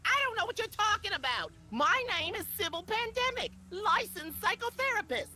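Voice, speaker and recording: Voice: extremely high pitch, big pitch swings, normal speed, pushed and bright, exaggerated voice. A woman voicing a manic male former child star who poses as a chirpy therapist in a cartoonish video game. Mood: manic cheer.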